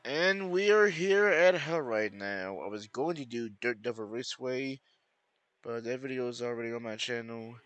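A man giving live gameplay commentary, excitable, swearing and yelling at his opponents. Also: medium pitch, normal speed. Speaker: gaming channel host.

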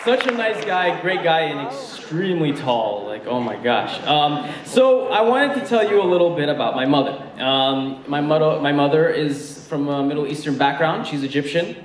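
A man's voice: on the high side, expressive, moderate pace, few pauses, some chatter behind. A young man doing a stand-up set, telling a story in a chatty way with many fillers. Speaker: stand-up comedian. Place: comedy stage with a live audience. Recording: echoey venue from far off, faint noise.

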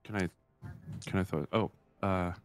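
A man narrating a tabletop game as game master, relaxed and halting, with many fillers. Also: low voice, faint music behind.

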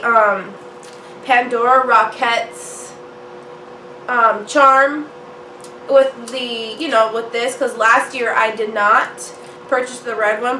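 A young jewelry vlogger with a cold-roughened, fairly high voice chats sassily and playfully to her phone camera from a small room at home, calling her viewers "honey" and "y'all." Her tone is sharp, and the echoey room carries faint ambience and slight background noise.

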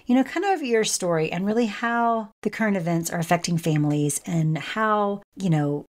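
A woman's voice: medium pitch, lively intonation, moderate pace. A woman hosting a podcast, introducing her guest in a gushing, rambling way. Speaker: podcast host. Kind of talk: podcast interview.

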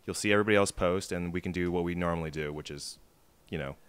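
Quick, low-voiced man explaining. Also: clear, resonant tone. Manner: quick, explanatory, dry asides. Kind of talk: casual chat on a live podcast.

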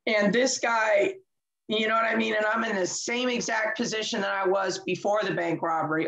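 Animated woman telling a candid story. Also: medium pitch, rough recording. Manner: animated, laughs often, acts out quoted dialogue. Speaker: interview guest.

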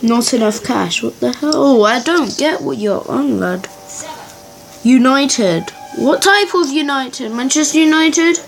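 A woman giving excitable, chatty commentary while playing a football video game, cheering and muttering by turns. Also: high voice, unhurried, gravelly, faint music behind, low-quality recording. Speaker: gaming channel host. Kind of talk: live gameplay commentary.

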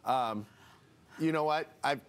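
A man's voice: on the high side, slow pace. A man in his forties, a reality TV guest chatting casually in a TV studio interview, rambling with restarts and turning emotional about family.

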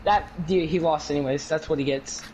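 A man playing along with a friend in casual gaming banter, protesting slowly. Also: fairly high pitch, highs cut off, a loud crowd. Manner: slow-spoken, laughing protests.

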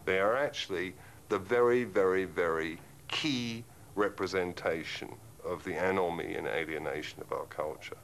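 Man, interviewee, deep gravelly voice, sardonic eloquent ranter. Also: moderate pace, a bit bright, a little hiss or hum, poor audio. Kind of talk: ranting commentary.

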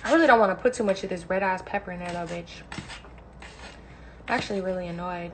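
A woman's voice: mid-range voice, animated, brisk, pauses often, background noise. A young woman talking bluntly and with heavy swearing while she cooks in her home kitchen on a phone livestream. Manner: blunt, profane, ranting. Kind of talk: casual livestream chat while cooking.

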